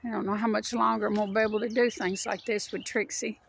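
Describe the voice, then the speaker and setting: A woman's voice: mid-range voice, flat delivery, fast, vocal fry, slight background noise. A woman chatting casually as she walks her dog along a wooded park trail, a little out of breath. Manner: chatty, rambling, talks sweetly to her dog. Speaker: vlogger walking her dog. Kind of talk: casual walking narration.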